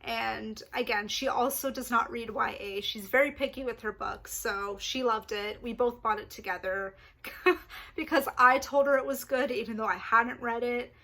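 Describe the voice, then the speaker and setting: A young woman chatting casually to camera about books she plans to read, excitable and quick to apologise. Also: fairly high pitch. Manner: chatty, excitable, apologetic asides, laughs often. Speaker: book vlogger. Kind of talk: casual book chat to camera.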